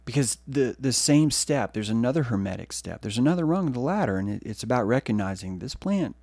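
Man, podcast host, gravelly voice, lively swooping pitch, rambling, profane, dry close sound. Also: a little fast, hardly any pauses, dry recording. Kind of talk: rambling solo podcast monologue.

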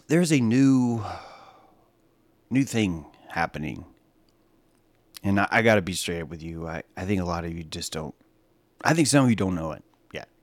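A man hosts a live stream, rambling through a sarcastic monologue that swings between low mutters and loud exclamations. The recording is dry.

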